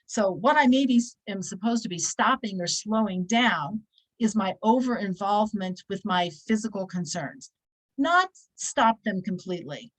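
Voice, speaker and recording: A woman's voice: mid-range voice, expressive, normal speed, poor audio. A woman teaching a conversational weekly religious lesson to women, repeating key phrases and acting out little quoted voices.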